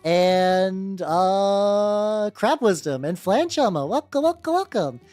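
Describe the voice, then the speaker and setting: A woman with an expressive, medium-pitched voice talks slowly while livestreaming herself painting miniatures, soft music playing behind her. She chats casually with viewers, greets them by name, laughs, and swears freely.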